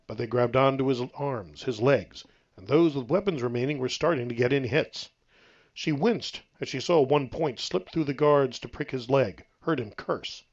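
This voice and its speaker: A man narrating his own novel aloud in a steady, even storytelling read. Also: medium pitch, highs cut off.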